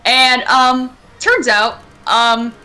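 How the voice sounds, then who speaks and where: A woman's voice: on the high side, fairly even intonation, drawn-out words, bright, forceful tone. A young woman from Maine chatting casually and swearing freely while streaming a game. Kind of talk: casual chat while gaming. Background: game music.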